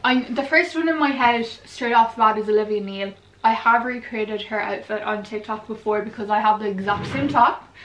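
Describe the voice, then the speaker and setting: Casting: chatty woman, bright higher voice, echoey room, away from the mic. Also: normal speed, far from the mic, over music. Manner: bubbly, chatty, swears casually. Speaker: fashion vlogger. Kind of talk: casual chat to camera.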